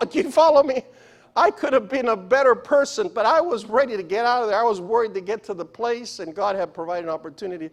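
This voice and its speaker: Male preacher, high voice, storytelling sermon that keeps checking in with the congregation. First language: Spanish. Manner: storytelling, asks the congregation questions. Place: church sanctuary.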